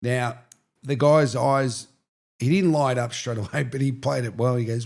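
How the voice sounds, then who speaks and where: A man's voice: medium pitch, moderate pace, gravelly. Middle-aged Australian man telling stories. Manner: storytelling, animated, says "mate". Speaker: real estate agent, podcast co-host. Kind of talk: casual chat, anecdotes.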